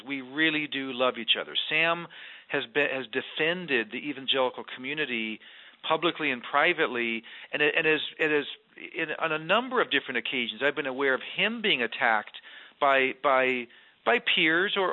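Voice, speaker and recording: A man, a former mayor, speaking as a guest in an earnest, emphatic faith conversation. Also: on the high side. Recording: tinny phone-line sound.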